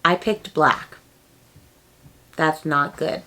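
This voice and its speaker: Young woman book vlogger, casual and excitable, quick high reactions. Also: a little hiss or hum. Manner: chatty and excitable, with sudden high exclamations. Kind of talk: casual chat.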